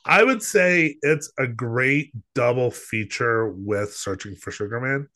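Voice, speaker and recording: A man's voice: mid-range voice, unhurried, bright, forceful tone. Rambling man retelling a story. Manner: rambling, filler-heavy, acts out quotes. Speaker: podcast co-host. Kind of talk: casual chat, film review.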